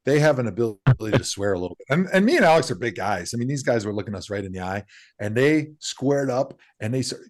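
A man co-hosting a casual podcast, telling stories with animated delivery and putting on voices for the people he quotes. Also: medium pitch, quick pace. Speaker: podcast co-host. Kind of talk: casual storytelling chat.

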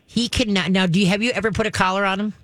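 A woman's voice: mid-range voice, fairly even intonation, racing, fairly bright tone, no echo. Woman radio host, direct and instructive, chatty advice voice, dry close sound. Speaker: radio show dog trainer host. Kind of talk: advice call-in talk.

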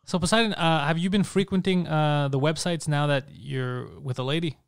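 A man with a fairly high voice teases and grills a guest in profane podcast banter, laughing a lot. The recording is dry and close. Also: moderate pace, gravelly, smooth, no room sound. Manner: teasing, interrogating, laughs a lot. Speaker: podcast host. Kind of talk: crude casual banter.

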